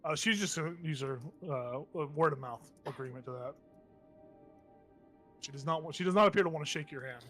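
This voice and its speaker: A man running a tabletop game as game master, with a voice pitched a little high. He talks loosely and teases his players, full of ums and uhs. Faint music plays behind him. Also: brisk, fairly bright tone. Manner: loose and teasing, with many fillers.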